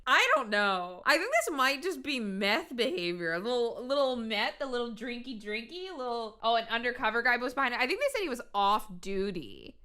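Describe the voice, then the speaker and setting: A woman's voice: a little high, big pitch swings, a little fast, hardly any pauses, pushed and bright, clean tone. A woman hosting a reaction show, chatting casually about bodycam footage with a wry, laughing manner.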